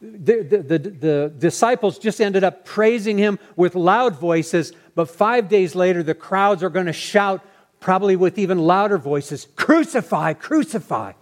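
A man preaching a sermon as pastor, earnest and animated, sometimes restarting his phrases. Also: high voice, measured pace.

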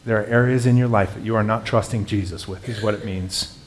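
A man's voice: on the low side, steady tone, a little fast, slight background noise. A man, a pastor with young children, preaching a sermon in an earnest, conversational way, rising into emphatic passages.

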